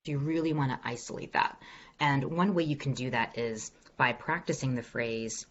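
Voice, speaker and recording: This executive voice coach has a very deep voice and speaks at a normal speed, heard through a video call with the highs cut off and slight background noise. Upbeat and encouraging, she fields questions in an online workshop and demonstrates exercises.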